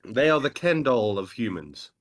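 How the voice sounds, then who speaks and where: A man's voice: medium pitch, big pitch swings, moderate pace. Man co-host, medium voice, casual chat, repeats himself while thinking aloud. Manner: thinks aloud, restarts, swears when puzzled. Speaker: podcast co-host.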